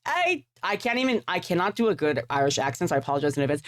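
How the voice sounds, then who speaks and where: A woman streamer chats through her setup in a rambling, self-deprecating way, dropping casual swears. Her voice sits lowish but swings widely in pitch, and the sound is close and dry with no room echo. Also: sing-song, racing. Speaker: livestreamer. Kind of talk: casual live-stream chat while gaming.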